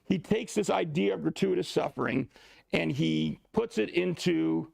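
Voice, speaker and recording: A man teaching a church class in a lively, joking way, adding asides to the students. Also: a little high, unhurried, vocal fry, dry recording. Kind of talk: classroom lecture.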